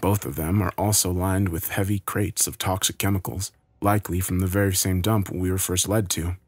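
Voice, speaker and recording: Husky, low-voiced male horror narrator. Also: fairly even intonation, moderate pace, no echo.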